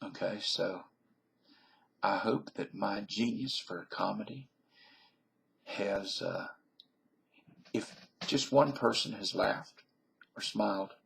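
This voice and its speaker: Gravelly man with a Southern drawl. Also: lowish voice, a bit bright, slight background noise. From Canada. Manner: folksy, self-mocking, meandering. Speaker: vlogger. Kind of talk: rambling casual monologue.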